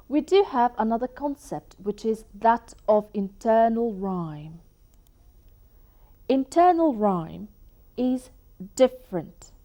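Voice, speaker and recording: A woman gives a poetry lesson, explaining each term in an unhurried, deliberate way. Her voice is mellow and warm rather than bright. She reads lines of verse aloud and pauses between ideas as she teaches. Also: fairly high pitch. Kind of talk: educational lecture.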